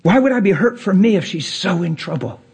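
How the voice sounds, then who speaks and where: Man, pastor, impassioned sermon, high voice, husky, in a church. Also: expressive, brisk, darkish tone. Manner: impassioned preaching with big pitch swings.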